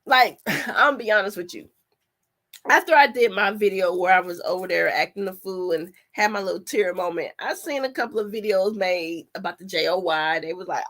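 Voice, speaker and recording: A woman, talking emotionally as a commentary vlogger, trailing off and restarting as her voice swings between quiet and loud. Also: mid-range voice, fairly quick.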